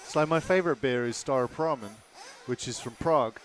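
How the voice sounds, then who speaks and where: A man co-commentating a race, chatting casually with relaxed, quick interjections. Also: mid-range voice, slight background noise. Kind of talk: casual chat between race calls.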